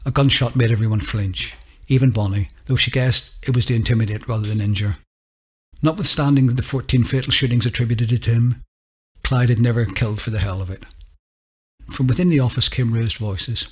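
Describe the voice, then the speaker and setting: A man narrates a story in a measured, steady delivery. His voice has a husky, slightly breathy grain at a middle pitch.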